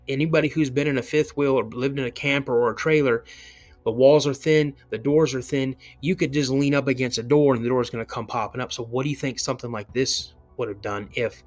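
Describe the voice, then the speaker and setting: A man's voice: mid-range voice, a little fast. A man, a podcast guest, telling a personal encounter story in a rambling way, full of "you know" and restarts.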